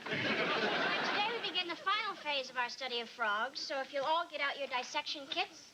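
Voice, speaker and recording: An actress playing a strict biology teacher with a brisk, stern manner. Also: female voice, sits high, lively intonation. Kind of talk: 1990s sitcom acting. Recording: hissy TV recording.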